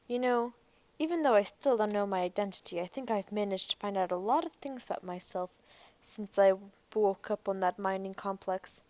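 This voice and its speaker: Woman reading earnest awkward young man, clever, hurried explainer, mid-pitched, dry close sound. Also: darkish tone, dry recording, close to an everyday voice.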